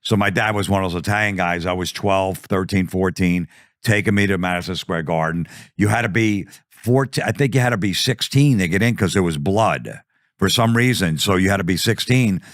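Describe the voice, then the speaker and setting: A man's voice: low voice, brisk, no room sound, studio quality. A man telling a profane comic story, acting out the quotes. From New Jersey. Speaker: comedian guest.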